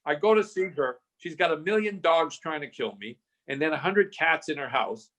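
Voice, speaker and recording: A man's voice: a little high, moderate pace. A man in his sixties, a real estate investor guest, telling stories animatedly in a casual interview and acting out the dialogue. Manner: animated storyteller, acts out dialogue.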